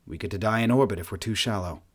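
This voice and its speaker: A man's voice: lowish voice, fast, natural voice. A man voicing an irritable male alien pilot who growls and delivers grim news in a gloomy, bewildered way.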